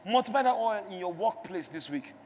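A man's voice: high-pitched, animated, a little fast, a little hiss or hum. A man preaching a sermon in a church, urging the congregation to repeat after him. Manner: call-and-response exhortation, rising to shouts. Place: large church hall. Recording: long church hall reverb.

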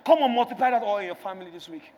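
A man's voice: sits high, expressive, very fast, lo-fi sound. A man preaching a sermon in a church, urging the congregation to repeat after him. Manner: call-and-response exhortation, rising to shouts. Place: large church hall. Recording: long church hall reverb.

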